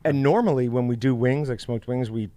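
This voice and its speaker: A man's voice: medium pitch, a little fast, dark tone, no echo. Chatty man hosting a livestream. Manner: chatty, upbeat, reads chat aloud. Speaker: livestream host. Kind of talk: casual livestream chat.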